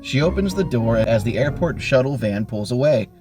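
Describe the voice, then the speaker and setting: A man's voice: mid-range voice, normal speed. A man hosting a podcast and theatrically reading a gamebook aloud. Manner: animated, theatrical read-aloud. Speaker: podcast host and narrator. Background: background music.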